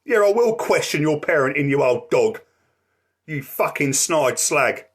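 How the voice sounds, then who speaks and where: In this vlog, a male activist is furious, cursing constantly and asking "right?" along the way. His pitch is fairly high and he's very animated, though a little slow. Papers rustle as he sorts through them, and he keeps drifting off-mic.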